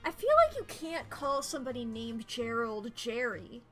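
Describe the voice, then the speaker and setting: A woman's voice: a little high, moderate pace, soft background music. A woman streaming a story game, chatting in rambling, self-deprecating asides between lines she reads aloud. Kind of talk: casual game commentary, reading dialogue aloud.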